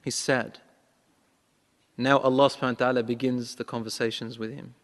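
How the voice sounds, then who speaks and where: A man preaching a sermon, telling a story and acting out its dialogue with a rising voice, reciting prayers quickly. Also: mid-range voice, flat delivery, fairly bright tone. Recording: long hall reverb.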